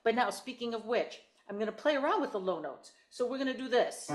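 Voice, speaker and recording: A woman coaching a singer over a video call, her voice sitting a little high. She explains each small fix patiently and circles back to repeat herself so nothing gets missed. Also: expressive, fast, few pauses, faint music behind. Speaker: voice teacher. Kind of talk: online singing lesson.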